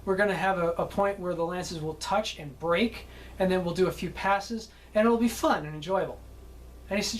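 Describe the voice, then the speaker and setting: A man's voice: sits high, brisk, a little hiss or hum, low-quality recording. Chatty man telling film-set stories. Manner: chatty, keeps adding "okay?", laughs at his own stories. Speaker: film director. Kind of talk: anecdotal storytelling.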